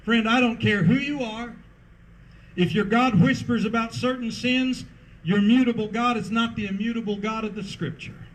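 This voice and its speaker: A man's voice: very high voice, moderate pace, poor audio. A man preaching a sermon as pastor at an outdoor parking lot service, emphatic and rhythmic with repeated refrains.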